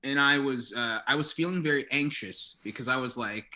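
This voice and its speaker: A man playing a deadpan, rambling college drug dealer turned drummer on an improvised comedy podcast. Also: mid-range voice, normal speed. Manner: rambling, deadpan tall tales. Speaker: guest playing a character.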